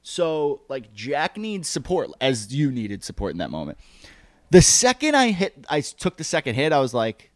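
A man telling a story with a lot of swearing, his pitch jumping high and low as he gets into it. His voice sits a bit high for a man. The recording is dry and close. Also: moderate pace, no room sound. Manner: profane, animated, laughs while telling. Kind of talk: casual chat, telling a funny anecdote.

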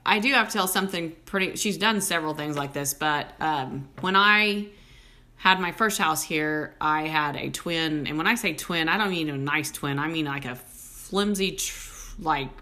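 A woman, hosting a podcast and telling stories in a casual, animated way full of "like" fillers. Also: low voice, moderate pace. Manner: animated storyteller, many "like" fillers. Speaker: podcast host. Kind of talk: casual chat.

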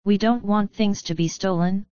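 A woman voicing a sleepy male bank clerk who talks slowly and ends every sentence as if it were a question. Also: mid-range voice, steady tone, a little mellow, dry recording, highs cut off, close to an everyday voice.

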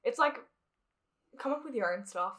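A woman's voice: fairly high pitch, animated, normal speed, fairly bright tone. A woman with an Australian accent co-hosting a podcast, chatting casually and laughing often. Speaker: podcast co-host. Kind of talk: casual chat.

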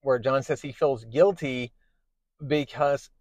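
A man hosting a podcast, casually recapping a comic book in a chatty way, with many pauses. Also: medium pitch, a little mellow, dry recording. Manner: chatty, many fillers and restarts. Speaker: podcast host.

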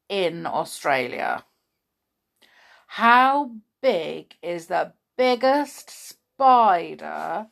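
A woman's voice: on the low side, creaky. A woman hosting a podcast in a playful, chatty way, drawing out words for emphasis. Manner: playful, drawn-out emphasis, chatty with many fillers. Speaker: podcast host. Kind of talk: casual chat to listeners.

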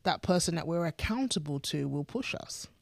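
A woman's voice: on the low side, animated, normal speed, gravelly, no room sound, studio quality. A woman pastor co-hosting a faith podcast, talking earnestly and emphatically, often repeating words as she builds a point. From United Kingdom. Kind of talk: casual faith chat.

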